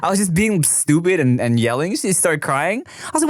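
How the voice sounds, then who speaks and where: A man's voice: sits high, sing-song, fast talker, hardly any pauses, no room sound, clean studio sound. A man in his thirties co-hosting a podcast, talking in a laid-back, slangy way and laughing often. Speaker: podcast co-host. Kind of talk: casual chat.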